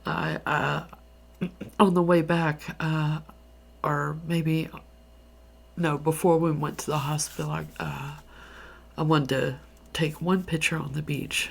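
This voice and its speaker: A deep, heavily gravelly woman's voice with a Southern US accent, drifting in and out of a soft half-whisper. She rambles through her story in a tired ASMR style. The tone is husky and breathy throughout. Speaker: ASMR creator.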